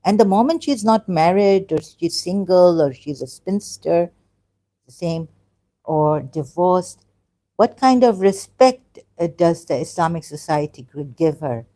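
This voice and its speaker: A woman hosts a livestream, her voice somewhat low and mellow. She talks haltingly, with fillers and quick apologies, then presses her argument with pointed rhetorical questions. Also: expressive. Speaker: livestream host. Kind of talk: casual live-stream talk on religion.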